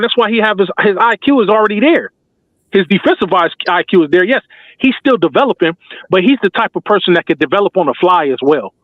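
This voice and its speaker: A man's voice: high-pitched, dry recording. A man giving passionate, slangy basketball fan commentary as a talk show host, emphatic and repetitive like a preacher. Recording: tinny phone-like dry sound.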